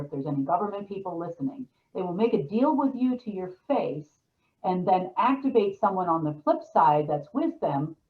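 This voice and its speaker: A woman hosting a show, talking casually in a rambling way with frequent restarts, heard over a phone-like line. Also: fairly low pitch. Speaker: show host. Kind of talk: casual monologue on a call.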